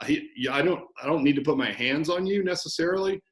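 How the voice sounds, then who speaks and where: A man guest talking about coaching in a relaxed, animated interview, often acting out conversations. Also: fairly high pitch, fast, roomy sound. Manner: animated storyteller, acts out coach-client banter. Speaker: fitness business owner, guest.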